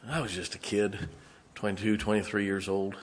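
A pastor in his fifties preaches a sermon, sharing a personal story and dropping into a hushed, emotional tone. His voice sits on the low side, with a flat delivery at a moderate pace.

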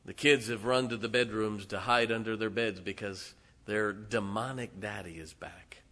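A male preacher delivering a sermon, retelling a story dramatically with sudden loud swells and hushed drops. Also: lowish voice, fairly even intonation, normal speed.

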